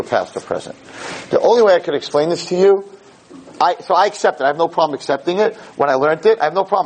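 Lively, husky-voiced man teaching a class. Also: mid-range voice, poor audio. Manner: animated, explains with everyday stories and asks the room questions. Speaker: rabbi teaching a Torah class. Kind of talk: evening Torah lecture to a live audience. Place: in front of an audience.

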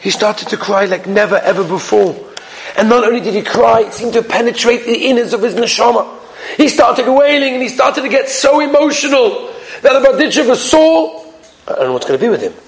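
High-voiced, emotive male storyteller. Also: normal speed, creaky. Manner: emotive, repeats phrases for emphasis. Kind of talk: animated storytelling.

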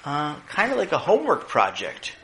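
A man's voice: a little high, huge pitch swings, moderate pace, sharp tone, slight background noise, voice pushed up, exaggerated voice. A man doing a cheeky young boy. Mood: sheepish. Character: cheeky curious eleven-year-old boy digging holes.

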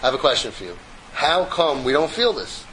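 A man giving a Torah lecture to a group as rabbi, an animated storyteller who slips in jokes. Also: mid-range voice, brisk, a little hiss or hum, rough recording.

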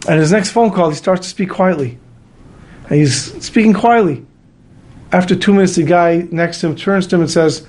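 A man telling a moral story in a storytelling sermon, animated and moving in and out of character voices. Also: fairly high pitch, brisk.

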